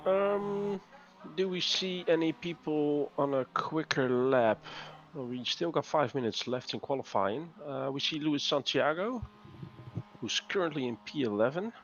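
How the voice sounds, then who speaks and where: A man's voice: fairly high pitch, measured pace, fairly bright tone. A man co-commentating on an online race in an easygoing way, reading out chat messages. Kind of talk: casual sim racing commentary. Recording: dull lo-fi stream audio with faint noise.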